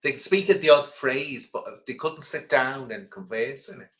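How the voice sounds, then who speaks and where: A man's voice: mid-range voice, normal speed, fairly bright tone, poor audio. A middle-aged man from England chatting casually as host, rambling through an opinionated story with lots of ums and restarts. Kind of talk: casual livestream chat.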